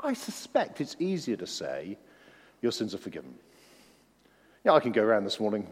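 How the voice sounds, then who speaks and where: A man preaches a lively sermon and acts out the voices he quotes. His words often stumble and restart. His voice carries a long reverb from a church hall. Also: on the low side, normal speed, pauses often, husky.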